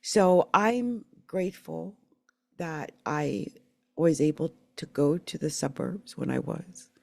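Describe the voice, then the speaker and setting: A middle-aged woman from the Philadelphia area telling her life story in a candid, emotional, rambling way, with halting restarts. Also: low-pitched, expressive, vocal fry, no echo. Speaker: channel host sharing her life story. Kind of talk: personal storytelling monologue.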